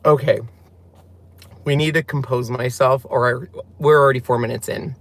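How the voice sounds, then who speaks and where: A man hosting a casual live chat from inside his car, excitable and laughing, admitting he is nervous. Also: mid-range voice, normal speed. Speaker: vlogger hosting a live stream.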